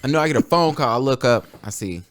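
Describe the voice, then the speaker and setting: A man hosting a podcast, telling stories in a casual, profane, animated way and acting out the people he quotes. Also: medium pitch, fast talker. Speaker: podcast host. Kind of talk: casual storytelling chat.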